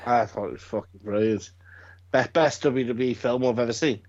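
A middle-aged man, chatting casually as a podcast co-host and telling stories in an animated, sweary way. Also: mid-range voice, normal speed. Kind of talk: casual chat. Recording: dull lo-fi sound.

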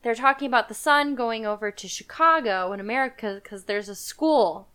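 Her voice on the high side, pushed and bright, clear and resonant, this woman recounts a film's plot at a moderate pace in a podcast chat, chatty and rambling, with frequent fillers and laughter.

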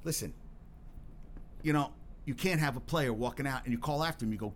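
A man's voice: medium pitch, brisk, pauses often, a little hiss or hum. A man hosting his own solo podcast, talking in a rambling, profane way with lots of restarts and getting worked up as he goes. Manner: worked up and emphatic. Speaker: podcast host.

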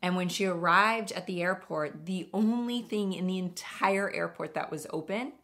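Woman with a gravelly, low voice. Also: normal speed, fairly bright tone. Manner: earnest, emphatic, conversational. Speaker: podcast host. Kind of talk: casual storytelling monologue.

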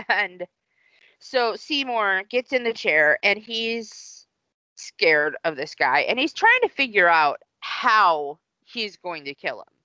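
Woman podcast host rambling thru a movie recap, slow and clear, dry sound. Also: lowish voice, sing-song, sharp tone, dry recording. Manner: rambling, lots of fillers and restarts while retelling a plot. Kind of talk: casual film recap.

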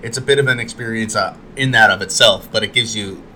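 A man's voice: on the low side, fast talker, bright, forceful tone, slight background noise. A man hosting a casual recap of a TV episode, retelling scenes with chatty asides and fillers. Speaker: podcast host recapping a TV episode.

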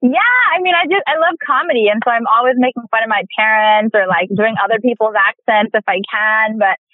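A woman in her thirties, a podcast guest chatting in an animated way, often laughing and acting out quotes. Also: on the high side, brisk, dry recording. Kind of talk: casual interview chat. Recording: tinny phone line.

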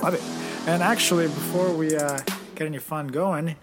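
A man's voice: fairly high pitch, fairly even intonation, moderate pace, over loud music. A young man from Venezuela co-hosting a comedy podcast, bantering in crude, joking casual chat. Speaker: podcast co-host.

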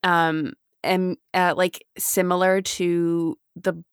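A woman's voice: on the low side, flat delivery, slow pace, smooth, no echo. Chatty woman, dry close sound. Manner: chatty, many fillers and restarts. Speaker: podcast co-host. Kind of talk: casual fan discussion.

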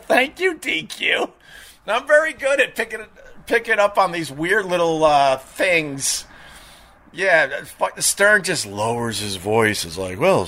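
Bright, high-voiced man telling stories. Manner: animated storyteller, mimics voices in retold dialogue. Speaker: show host. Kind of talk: casual storytelling chat.

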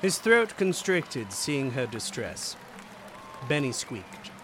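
A man narrating an audiobook story in a dramatic, expressive way. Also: medium pitch, slow, a faint crowd, a little hiss or hum.

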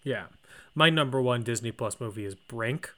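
A man co-hosting a podcast in casual movie chat, with dry, deadpan humor. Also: medium pitch, normal speed. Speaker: podcast co-host.

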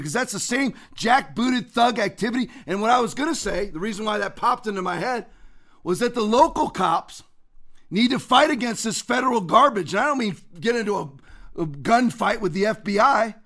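High, gravelly, fired-up male commentator. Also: expressive, a little fast. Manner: indignant, ranting, shouts often. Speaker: commentary show host.

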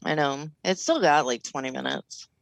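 A woman's voice: sits low, normal speed, gravelly, dry recording. A woman co-hosting a live podcast, playful and chatty, cursing now and then. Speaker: podcast co-host. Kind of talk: casual live-stream banter.

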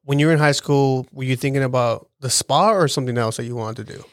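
A woman's voice: a bass voice, fast, no echo, studio quality. A woman interviewing a guest with short, prompting questions.

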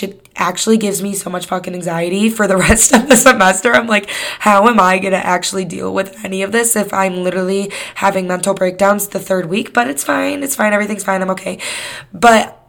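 21 yr old girl venting on her podcast, rambly and sweary. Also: mid-range voice. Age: 20s. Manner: rambling, candid, swears often. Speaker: podcast host. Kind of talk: casual solo podcast chat.

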